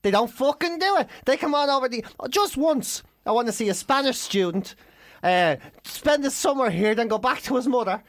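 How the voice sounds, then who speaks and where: A woman's voice: on the high side, expressive, moderate pace, no echo. Irish woman, podcast co-host, comic ranting with casual swearing, dry close sound.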